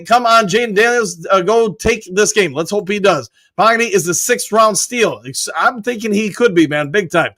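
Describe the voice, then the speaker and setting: High-voiced man reading live chat. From Michigan. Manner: upbeat, reads comments aloud with quick shout-outs and whoops. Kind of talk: casual live-stream chat.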